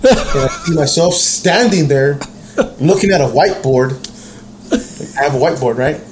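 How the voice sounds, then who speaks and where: A man telling a story in a casual podcast chat, animated and profane, acting out the quotes. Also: fairly high pitch, normal speed, echoey room, background noise. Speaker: podcast co-host.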